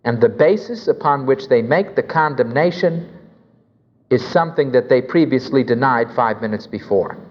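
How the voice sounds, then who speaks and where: A man's voice: medium pitch, animated, normal speed. A man lecturing on Christian apologetics, emphatic and full of anecdotes, acting out the conversations he tells about. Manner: emphatic, anecdotal, acts out dialogue. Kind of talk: recorded lecture with storytelling. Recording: dull recording with long hall reverb.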